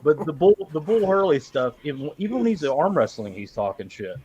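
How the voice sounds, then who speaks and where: A man co-hosting a livestreamed movie talk, his voice swinging high and low as he retells scenes. He laughs often and speaks a little above the usual male pitch. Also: a little fast, lo-fi sound, a crowd in the background. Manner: animated, laughing storyteller. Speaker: podcast co-host. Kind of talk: casual livestream chat.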